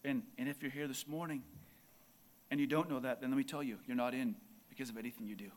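A man preaching a sermon in church, impassioned and building to near shouts. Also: mid-range voice, steady tone, quick pace.

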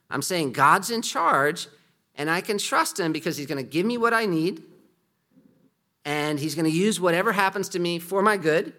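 Male pastor, bright, slightly high voice, conversational sermon delivery with rhetorical questions.

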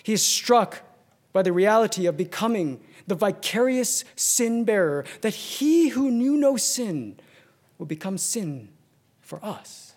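A man preaching a sermon, swinging from ringing emphasis to hushed near-whispers, with slow, deliberate repetitions. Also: high voice, animated.

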